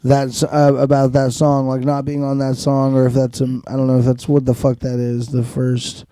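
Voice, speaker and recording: A man's voice: medium pitch, monotone, normal speed, warm tone, smooth, no room sound, clean studio sound. A man co-hosting a podcast in casual chat, rambling and swearing a lot, laughing often. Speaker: podcast co-host.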